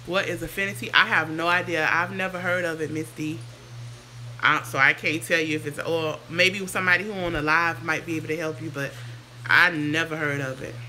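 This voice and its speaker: A chatty woman talks casually on a home livestream, sounding sick and a bit hoarse. Her voice is bright and clear. A faint hiss sits under the recording. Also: lowish voice. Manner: chatty, sidetracked, answers comments aloud. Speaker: hair vlogger on a livestream. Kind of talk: casual livestream chat reading viewer comments.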